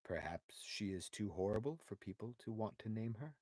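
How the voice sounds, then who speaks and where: A man voicing a calm, reasoning warrior hero. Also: fairly low pitch, slightly rough, no room sound, studio quality. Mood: steady. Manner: measured and reasoning.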